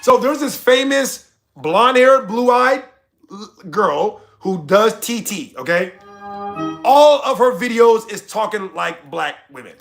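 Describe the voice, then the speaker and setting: A young American man streaming casually, reading chat and ranting loudly with plenty of cussing. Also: high voice, unhurried, soft background music. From United States. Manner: loud, animated, cussing rants. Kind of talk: casual livestream commentary.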